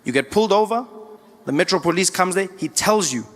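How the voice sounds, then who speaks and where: Comedian telling a story. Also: male voice, high voice, a little fast. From South Africa. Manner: animated, stammering for effect. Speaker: stand-up comedian. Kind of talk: stand-up storytelling.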